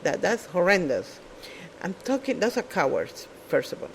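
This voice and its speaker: Casual monologue, blunt, profane, sarcastic, non-native English phrasing, middle pitch. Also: very animated, moderate pace, a little hiss or hum, rough recording. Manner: blunt, profane, sarcastic, mimics other people. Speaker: show speaker.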